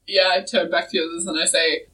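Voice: mid-range voice, level tone, fast talker, far from the mic, over a noisy crowd, poor audio. A player in a tabletop game who speaks hesitantly with fillers. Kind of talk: casual tabletop play.

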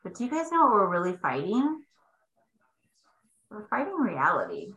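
A woman hosting a faith-based coaching talk, expressive and emphatic, dropping now and then into hushed asides. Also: medium pitch, normal speed, reverberant, dull audio.

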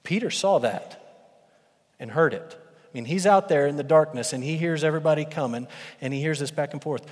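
Man preaching a lively sermon. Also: fairly high pitch, brisk. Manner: animated storytelling, swings from loud to hushed. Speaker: pastor. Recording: long hall reverb.

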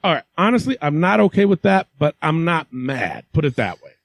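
High-voiced, lively, gravelly man. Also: no echo. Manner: rambling, profane, quick to laugh. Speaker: podcast co-host. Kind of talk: casual wrestling chat.

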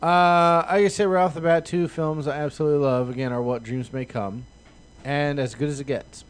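A man's voice: a little high, steady tone, fairly quick, smooth. A man hosting a podcast in casual, easygoing chat.

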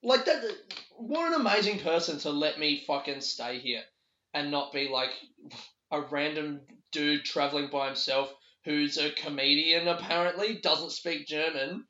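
A man hosting a casual solo podcast, telling a rambling, sweary story with quick laughs from a bedroom. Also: a little high, level tone, sharp tone. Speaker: podcast host. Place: a bedroom in a borrowed house. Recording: echoey room, dull lo-fi sound.

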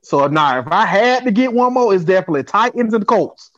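An excitable man in casual sports chat as a podcast co-host, riffing and animated. His voice sits a little high. The recording is dry and slightly muffled. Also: a little fast, no room sound.

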